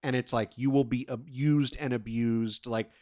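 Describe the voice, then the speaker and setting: A man's voice: mid-range voice, steady tone, normal speed, warm tone, dry recording. Rambling male podcast co-host, dry sound. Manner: loose and rambling, laughs often. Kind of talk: casual chat.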